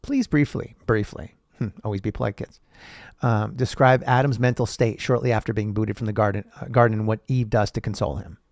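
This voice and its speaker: A man's voice: lowish voice, steady tone, fairly quick, darkish tone, no echo, studio quality. A man hosting a podcast, reading old texts aloud and riffing on them in a profane, sarcastic, rambling way. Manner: profane, sarcastic, rambling, laughs at own jokes. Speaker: podcast host.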